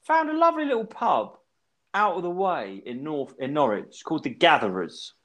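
Animated rambling man telling a story. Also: on the high side, normal speed. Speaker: podcast co-host. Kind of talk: casual chat.

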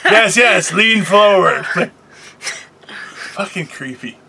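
Bright-voiced joking man, loose chat. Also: high voice, expressive, takes it slowly, vocal fry, a little hiss or hum. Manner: joking, rambling, swears a lot. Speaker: podcast host. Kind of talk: casual chat. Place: in a car.

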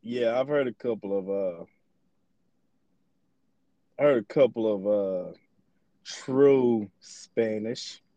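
A man's voice: lowish voice, takes it slowly, long pauses, dark tone, no echo, lo-fi sound. A young man hosting a podcast in casual chat, loose and profane, rambling through his stories. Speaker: podcast host.

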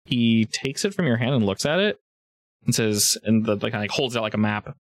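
A man's voice: medium pitch, expressive, moderate pace, no echo. A man narrating as game master, in a loose, rambling way full of fillers. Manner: rambling, many fillers and restarts. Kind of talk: improvised tabletop game narration.

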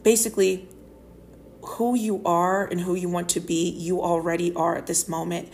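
A woman's voice: on the low side, level tone, normal speed, creaky, darkish tone, slight background noise. A woman talks alone on her podcast, earnest and heartfelt. Her speech rambles and is full of fillers. She is close to tears while also laughing. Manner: emotional, tearful and laughing at once. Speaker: podcast host. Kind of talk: solo podcast monologue.

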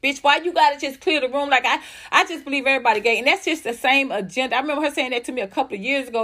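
A young woman ranting profanely as a commentary host, blunt and heated, jumping between fast outbursts and slow stressed words. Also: high-pitched, pushed and bright.

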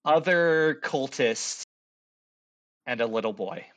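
A man's voice: medium pitch, lively intonation, takes it slowly, a bit bright. A man running a tabletop game as game master, describing combat and prompting players for rolls.

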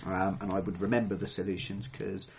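A man's voice: low voice, little pitch movement, a little fast, vocal fry, slight background noise. A man hosting a casual podcast chat, laughing often and poking fun at himself. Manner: laughs often, self-mocking. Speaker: podcast host.

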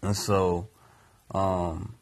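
A man's voice: deep voice, little pitch movement, very slow. A man co-hosting a podcast, earnestly recounting a personal family story. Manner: earnest, reflective. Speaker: podcast co-host and father.

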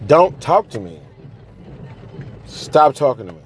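A man in an angry, profane rant, swinging between raised outbursts and low, bitter muttering. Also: sing-song, a little slow, breathy edge.

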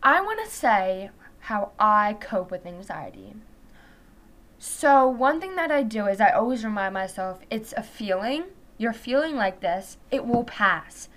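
A teenage girl vlogs in a casual, rambling way, her mid-range voice very animated and fairly bright as she talks at a measured pace and keeps dropping "like" into her sentences.

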